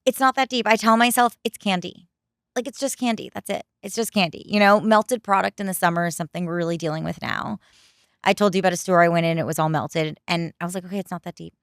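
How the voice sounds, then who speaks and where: A woman's voice: lowish voice, quick pace, dry recording, clean studio sound. A young woman chatting as a podcast guest, bubbly, laughing often and saying "like" a lot. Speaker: podcast guest, candy company founder. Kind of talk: casual podcast chat.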